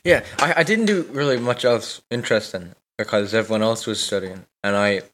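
A man's voice: fairly low pitch, brisk, fairly bright tone, slight background noise. A teenage man co-hosting a podcast in casual chat, rambling with lots of "like", swearing and giggling. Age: late teens. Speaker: podcast co-host.

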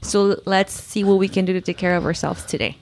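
A woman's voice: medium pitch, fairly even intonation, brisk, darkish tone, slight background noise. Upbeat reassuring woman co-host. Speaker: podcast co-host. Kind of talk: casual chat. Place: recording booth.

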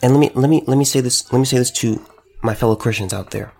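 Man, store owner, impassioned monologue, emphatic, repetitive, husky, gravelly. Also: mid-range voice, fast, darkish tone. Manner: emphatic, repeats phrases for stress.

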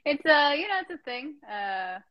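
A woman guest on a casual live stream chat, talking in an animated, rambling way and laughing often. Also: sits high, moderate pace, no room sound, lo-fi sound. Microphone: Instagram Live stream.

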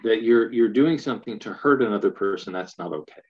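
A man's voice: lowish voice, brisk. A man in casual conversation, thoughtful and explanatory, often repeating words as he works through an idea. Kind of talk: casual chat. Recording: dull lo-fi sound.

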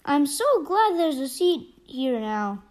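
A woman's voice: sits high, big pitch swings, slow pace, darkish tone, full character voice. A woman voicing an old, fussy female sphinx with a quavery voice in a storybook reading. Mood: itchy, weary.

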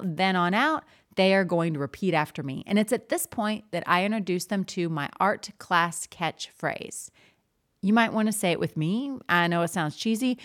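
Woman, art teacher, podcast host, lowish pitch, chatty, animated, casual monologue. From Southern US. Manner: chatty, animated, demonstrates classroom call-and-response.

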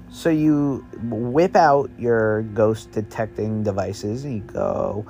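A man's voice: lowish voice, slow pace, few pauses, a little mellow, soft background music. A man making up a spooky story as he goes, in a meandering, offhand, slangy way. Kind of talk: improvised spooky story narration.

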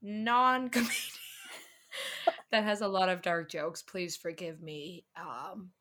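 A woman's voice: on the low side, steady tone, slow, a bit bright. A young woman from the northern US co-hosting a podcast in casual chat, chatty and self-deprecating, laughing often. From northern United States. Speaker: podcast co-host.

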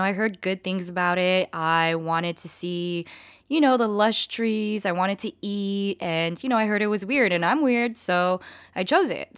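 A woman's voice: mid-range voice, no room sound. A woman vlogger telling a casual storytime to her viewers, chatty and full of swearing. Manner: chatty, profane, animated retelling.

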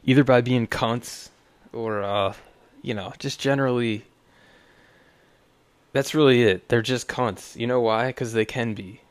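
A man's voice: mid-range voice, fairly even intonation, a little slow, dry recording. A young man hosting a podcast, talking in a rambling, profane, sardonic way. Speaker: podcast host. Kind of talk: casual solo podcast rant.

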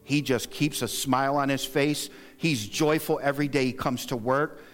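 A middle-aged male pastor delivers a sermon in a church sanctuary. He speaks earnestly in a mid-range voice, counting off practical points and pushing his pitch upward for emphasis. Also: fairly even intonation, moderate pace, a bit bright. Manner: earnest and exhorting, lists points, rises in pitch to stress them.

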